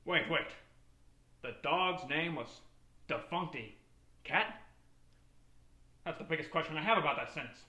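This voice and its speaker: A man's voice: on the high side, measured pace, pauses often, roomy sound, heavily acted, low-quality recording. A man playing a goofy eager detective. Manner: excitable, jokey. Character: bumbling young male detective, eager and goofy. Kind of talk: amateur comedy web drama.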